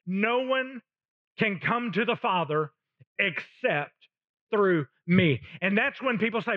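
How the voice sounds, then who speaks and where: A man preaching a sermon as a pastor, slow and emphatic, pausing between short phrases. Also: high-pitched, animated, no room sound, narrow, tinny audio.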